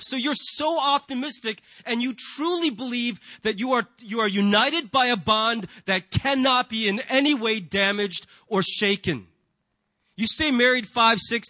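A pastor preaches to his congregation in church, earnest and emphatic, often posing rhetorical questions. His very high voice is pushed and bright, and the recording is dry.

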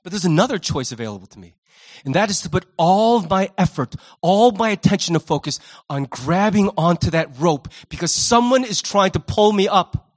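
A high-pitched man delivers a Sunday sermon from the pulpit. He paints vivid scenes with animated storytelling and drops humorous asides along the way. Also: a little fast. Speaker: pastor.

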